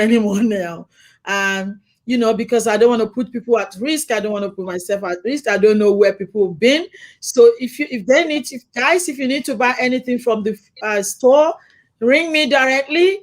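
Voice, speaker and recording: A middle-aged woman with a voice on the high side hosts a casual chat. She tells stories with lots of energy, acting out the quoted lines and laughing often.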